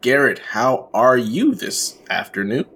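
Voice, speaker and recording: A man's voice: mid-range voice, very animated, unhurried, fairly bright tone, husky. Man hosting with playful, swinging delivery. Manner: playful, grandiose intros. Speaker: podcast host. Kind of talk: casual chat.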